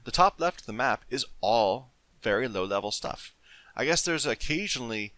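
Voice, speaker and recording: A man's voice: medium pitch, very animated, normal speed, sharp tone, dry recording. A man giving casual gameplay commentary as he plays, rambling and searching for words. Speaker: gaming video host. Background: game music and audio.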